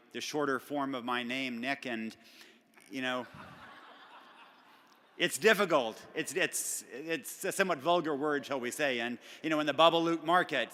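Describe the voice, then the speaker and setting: A man's voice: mid-range voice, bright, forceful tone. A middle-aged man giving a conversational, self-deprecating acceptance speech at a benefit dinner, with frequent fillers and restarts. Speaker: award recipient giving a speech. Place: large banquet hall at a benefit dinner. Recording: long hall reverb.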